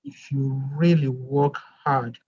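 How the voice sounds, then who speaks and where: A woman with a non-American English accent, telling her story as a guest teacher in a lively storytelling way. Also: rumbling low, slow pace, lo-fi sound. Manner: animated storyteller, acts out quoted voices. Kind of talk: storytelling interview chat.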